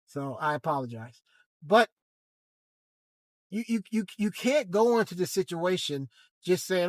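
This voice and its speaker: A man giving a hesitant, halting commentary monologue from inside a car, with frequent restarts. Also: high voice, sing-song, dry recording. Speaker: vlogger.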